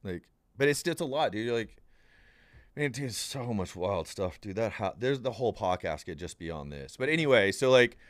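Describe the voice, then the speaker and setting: A man's voice: on the low side, moderate pace, no room sound, studio quality. A young man, a podcast guest, telling a story in a casual, rambling way, acting out the people in it and saying "dude" a lot. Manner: rambling and animated, acts out quoted voices, says "dude" often.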